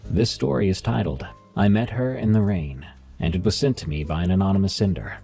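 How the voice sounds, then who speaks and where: A man with a nasal voice hosting and narrating horror stories in a calm, measured way. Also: low-pitched, gravelly, slightly rough, faint music behind. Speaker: horror story narrator and podcast host.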